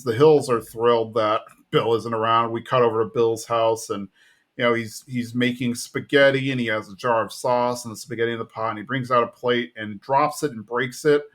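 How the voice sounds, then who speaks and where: A Southern-accented man hosting a podcast, walking through a cartoon episode scene by scene. His voice sits at an average pitch. He keeps slipping into quoted lines from the characters as he tells the story. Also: a bit bright. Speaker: podcast host. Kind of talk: casual episode recap.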